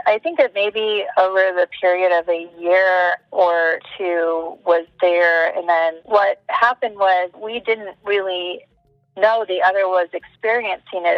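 A woman telling a personal story in a relaxed, thoughtful way. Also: fairly low pitch, dry recording, highs cut off. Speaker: podcast guest, psychic. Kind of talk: casual storytelling.

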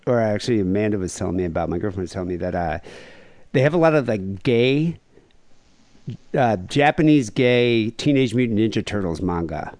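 A man hosting a podcast, chatting casually and telling gossip in an animated way. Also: lowish voice, a little fast, dry recording. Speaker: podcast host.

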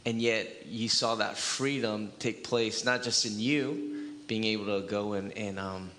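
A man with a low-leaning voice and a crisp, bright tone interviews a guest for a church, answering his story earnestly and drawing in scripture. Faint noise sits behind him. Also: measured pace. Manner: earnest and affirming, cites scripture.

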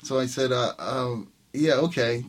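A man's voice: mid-range voice, measured pace. A man, a jazz trumpet player, telling a story in casual conversation, acting out the dialogue and laughing often. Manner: animated, acts out quoted dialogue, laughs often. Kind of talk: casual anecdote in an interview.

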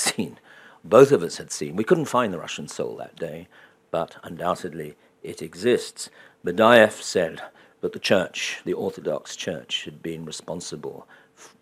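Deep-voiced guy lecturing, kinda husky, dry sarcastic humor. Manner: wry, dry humor with ironic asides. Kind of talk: public lecture.

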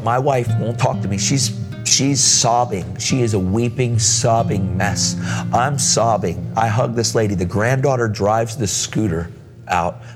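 A man preaching in a church, telling a story with lively acted-out voices and casual words like dude and man. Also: lowish voice. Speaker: guest preacher. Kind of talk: sermon storytelling. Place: church hall. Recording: reverberant church hall with music.

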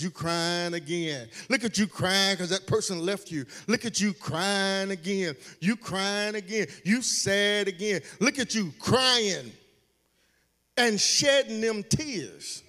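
Man doing a taunting devil, high voice, hushed jeering, hall reverb, music behind. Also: unhurried. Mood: mocking. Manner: taunting, repetitive. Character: mocking devil taunting a crying believer.

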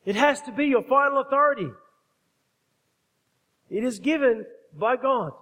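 A man's voice: very high-pitched, lively intonation, unhurried, sharp tone, long reverb tail. A man preaching a sermon, emphatic, often putting questions to his congregation. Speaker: pastor.

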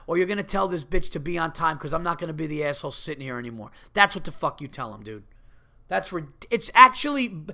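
A man with a high, gravelly voice rants on his podcast, loud and profane. His tone is bright and edgy, and he swears through every sentence. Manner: profane, heated ranting. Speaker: podcast host. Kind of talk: solo podcast rant.

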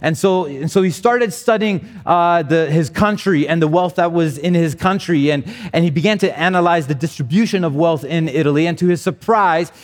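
A man preaching to his church in a relaxed, talky manner, doubling back on words as he thinks aloud. His voice sits a little higher than most men's, and it rings out with the long reverb of a large hall. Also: moderate pace, hardly any pauses. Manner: conversational, repeats words as he talks. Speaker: pastor. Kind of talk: sermon.

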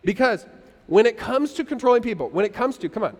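Pastor, male, high voice, animated sermon with call-and-response, church hall with long reverb. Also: fast. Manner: lively, leads the congregation in call-and-response.

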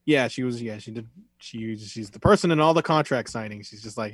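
A man's voice: medium pitch, a little fast, slightly rough, no room sound. A man talks loosely on a podcast, rambling through the topic with plenty of fillers and the odd swear word. His voice sits in a middle register and is recorded close and dry, with no room sound around it. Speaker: podcast co-host recapping wrestling. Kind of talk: casual chat.

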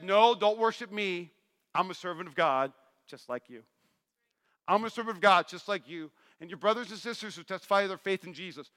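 Lively bright-voiced male pastor preaching. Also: sits high, clear, resonant tone. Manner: animated, acts out voices of Bible figures, jokey asides. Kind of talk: sermon. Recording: long hall reverb.

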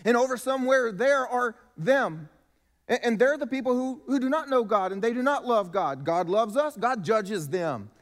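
Male pastor, high voice, emphatic sermon delivery, church hall echo. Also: lively intonation, normal speed, a bit bright. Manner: preaching with emphatic rises and drops in volume. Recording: long hall reverb.

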